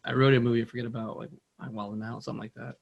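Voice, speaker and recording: Podcast host, male, gravelly fry in the voice, loose rambling delivery, casual film talk. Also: mid-range voice, level tone, rapid-fire, muffled recording. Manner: rambling, loose, says "like" and "dude" a lot. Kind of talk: casual movie chat.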